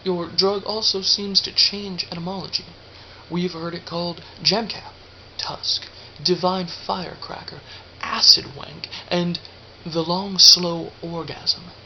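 A man's voice: high voice, fairly even intonation, takes it slowly, pitched above the performer's own voice. A man voicing a stern, impatient male corporate agent in an audiobook. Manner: stern, no-nonsense. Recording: dull lo-fi with faint hiss.

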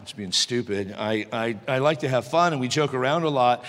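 A middle-aged man preaching a sermon as pastor, moving from joking chat to loud fervent preaching. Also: mid-range voice, a little fast, long reverb tail, a little hiss or hum.

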